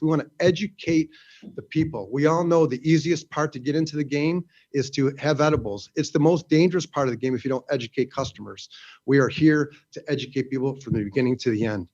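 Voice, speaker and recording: A man's voice: mid-range voice, a little fast, darkish tone, highs cut off. A man, a farmer from Western New York, giving an earnest, emotional public comment at a hearing, with many fillers.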